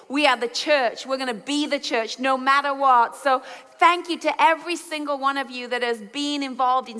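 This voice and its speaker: A woman's voice: high-pitched, bright, forceful tone, clean tone. A woman with an English accent preaching to a church congregation, playful and teasing as she talks to the crowd. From England. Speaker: guest preacher on the leadership team. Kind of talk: sermon. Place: large church auditorium. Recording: reverberant church hall.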